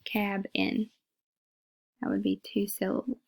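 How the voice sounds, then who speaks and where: A woman's voice: medium pitch, little pitch movement, a little slow, background noise. A woman teacher giving a phonics lesson, patiently repeating words and sounding them out syllable by syllable.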